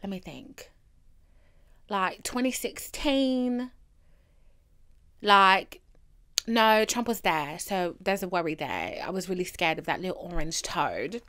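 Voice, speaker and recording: A young woman hosting a comedic solo podcast, telling stories in a sassy, profane, dramatic way that jumps from loud exclamations to hushed whispers. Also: lowish voice, expressive, slow, long pauses. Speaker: podcast host.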